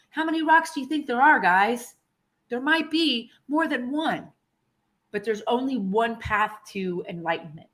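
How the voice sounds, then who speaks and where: A woman giving a casual motivational talk to her viewers, earnest and emotional, animated, with pauses and restarts. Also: mid-range voice. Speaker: motivational vlogger.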